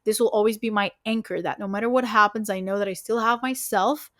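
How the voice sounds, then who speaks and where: A woman hosting a podcast, giving casual relationship advice in a frank, emphatic way, swearing often and filling pauses with "like" and "you know". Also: medium pitch, no room sound, studio quality. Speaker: podcast host.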